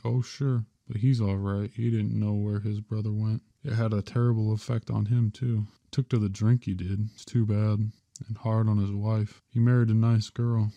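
A man's voice: lowish voice, little pitch movement, normal speed, vocal fry, warm tone, no echo, lo-fi sound. A man voicing a talkative older male real estate agent with folksy country speech. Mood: chatty.

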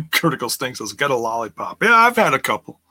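Amused rambling man, bright voice. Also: medium pitch, sing-song, fairly quick, husky. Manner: rambling, amused, laughs often, restarts. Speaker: wrestling review host. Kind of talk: casual recap commentary reading live chat.

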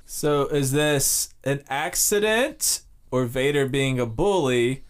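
A man's voice: medium pitch, slow pace, clean tone. A man co-hosting a podcast, reading out facts in casual chat with a dry, sarcastic edge. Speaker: podcast co-host.

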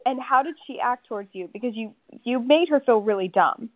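A woman's voice: on the high side, animated, fairly quick, no echo. A woman interviewing a guest in a casual chat, asking curious, playful questions. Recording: dry phone-like audio.

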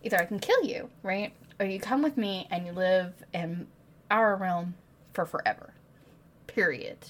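A woman's voice: mid-range voice, a little slow, a little hiss or hum, lightly acted. A woman voicing a furious male fairy lord in beast form, ranting in disbelief while retelling a book. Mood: matter-of-fact. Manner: incredulous ranting, then flat terms. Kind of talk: comic book-recap voicing.

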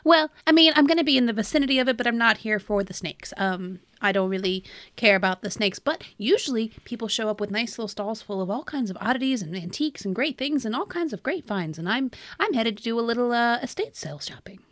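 A woman's voice: a little high, animated, quick pace, few pauses, fairly bright tone, no echo. A woman playing a chatty, friendly antiques-hunting traveler with a Southern accent in a tabletop game.

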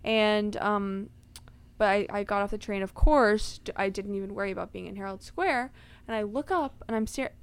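A woman's voice: medium pitch, normal speed, clear, resonant tone. A young woman in her twenties, co-hosting a casual chat podcast and telling stories with lots of exclamations. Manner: animated storyteller, exclaims often. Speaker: podcast co-host.

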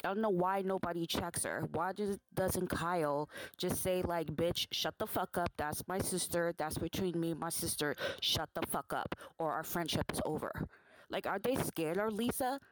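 A woman's voice: fairly low pitch, no room sound, rough recording. A woman leaving a voice message, ranting with heavy profanity. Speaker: voice-message sender.

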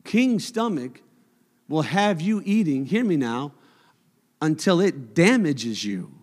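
A man's voice: fairly high pitch, big pitch swings, slow pace. A man preaching a sermon in a church sanctuary, conversational and joking at times, then building to emphatic points. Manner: conversational and humorous, rising to emphatic. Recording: long church hall reverb.

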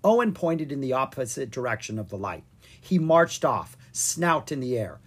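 A reader narrating a children's storybook in an animated, playful way, reading the sound effects aloud. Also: medium pitch, a little slow. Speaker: audiobook reader.

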